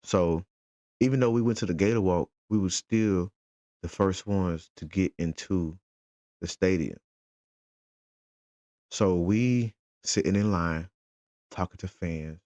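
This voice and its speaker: A man's voice: deep voice, slow pace, long pauses, dry recording, muffled recording. A father, casually retelling his day as a fan and acting out the conversations he had. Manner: animated, retells conversations in quotes. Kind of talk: casual storytelling vlog.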